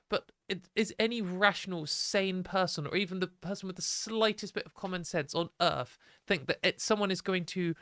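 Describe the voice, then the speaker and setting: A woman's voice: on the low side, a bit bright, no room sound, studio quality. A young British woman hosting a livestream, ranting in exasperated, sweary, sarcastic commentary. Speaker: livestream host.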